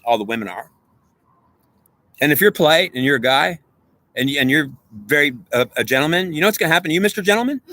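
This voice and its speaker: A man's voice: fairly high pitch, pushed and bright, no room sound. A man delivering an intense, profane spiritual monologue straight at the viewer, lecturing and repeating himself. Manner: preachy, profane, repetitive, lecturing. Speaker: self-styled spiritual speaker.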